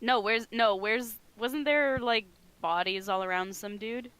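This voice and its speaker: A woman's voice: fairly high pitch, measured pace, a crowd in the background. A woman player at a tabletop game, asking questions and giggling in a casual way.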